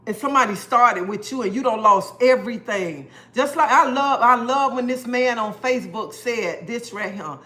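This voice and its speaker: Talking at a normal speed with few pauses, this middle-aged livestream host has a fairly high, pushed and bright voice. She preaches earnestly, says the same things again, and calls out her viewers by name.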